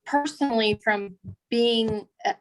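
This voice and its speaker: Woman asking a halting class question. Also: a little high, a little hiss or hum, rough recording. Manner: thinking aloud, halting. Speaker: real estate agent in class. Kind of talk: question from the audience.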